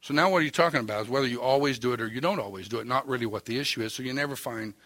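A man's voice: medium pitch, rapid-fire, a bit bright, no room sound. An older man with an Oklahoma accent preaching a sermon, telling a story in a folksy, wry, self-mocking way. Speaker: pastor.

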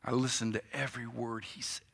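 A man in his fifties preaching a sermon, telling a story in a style that moves from quiet reflection to loud, animated telling. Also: mid-range voice, a little fast, gravelly, breathy edge. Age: 50s.

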